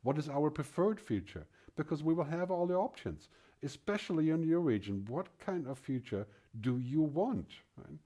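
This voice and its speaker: A man's voice: fairly high pitch, big pitch swings, moderate pace, mellow. A man giving a conference keynote speech, speaking emphatically with rhetorical questions and frequent tags of "right?".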